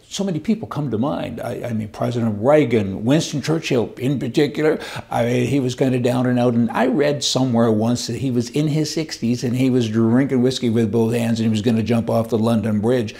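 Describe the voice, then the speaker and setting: A man's voice: mid-range voice, warm tone. A middle-aged man hosting a rambling opinion monologue, telling stories in a folksy, sarcastic way and chuckling as he goes. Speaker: commentary show host.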